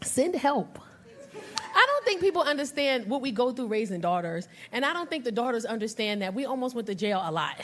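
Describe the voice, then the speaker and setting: A woman's voice: fairly high pitch, very animated, fairly quick. A middle-aged woman performing stand-up on a club stage, teasing the audience with brash, profane banter. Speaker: stand-up comedian. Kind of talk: live stand-up set with crowd work. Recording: live audience laughter.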